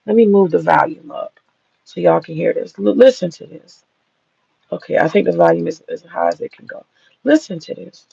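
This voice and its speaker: A man's voice: high-pitched, gravelly, darkish tone, no room sound. A man giving blunt, profane, emphatic commentary. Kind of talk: casual commentary. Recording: dull lo-fi sound.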